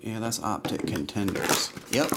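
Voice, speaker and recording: A man giving casual running commentary while opening trading card packs, listing names in a flat run with dry asides. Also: fairly low pitch, a little slow, gravelly, heavy background noise. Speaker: trading card box breaker.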